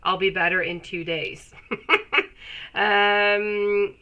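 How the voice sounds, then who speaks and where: A woman with a cold and a stuffy, nasal voice, chatting warmly with her viewers while reading tarot on a live stream. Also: fairly low pitch, a little slow, dull audio. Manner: chatty, affectionate, laughs often. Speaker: tarot reader.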